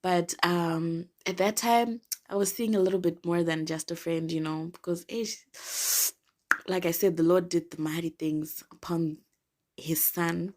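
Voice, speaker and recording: Speaking at a normal speed with a mellow, lowish voice and fairly even intonation, this young podcast host from Zimbabwe shares a personal story. Her casual storytelling turns playful, giggly and dramatic, occasionally dropping to a whisper.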